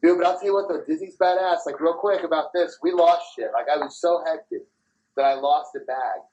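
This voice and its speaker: A man in his thirties hosting a podcast, telling profane, animated anecdotes in casual chat and laughing as he goes. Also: fairly high pitch, fairly quick, lo-fi sound. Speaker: podcast host.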